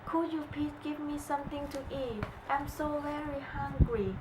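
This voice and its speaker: Woman as a soft-spoken hungry boy. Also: sits high, steady tone, moderate pace, far from the mic, pitched above the performer's own voice, lightly acted. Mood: pleading. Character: poor young boy, hungry and polite. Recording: echoey room with noise.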